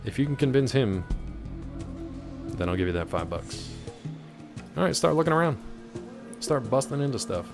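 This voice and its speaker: Music plays in the background as a man streams a game, his medium-pitched voice animated and his speed normal, with long pauses. His commentary is relaxed, a meandering story loaded with fillers, typical of a let's-play.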